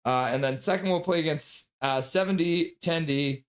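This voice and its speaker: A man's voice: on the high side, normal speed. A chatty man hosts a casual livestream with a slightly raised voice. He is sassy and joking, and sounds a bit sleep-deprived as he reads out donations. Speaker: livestream host.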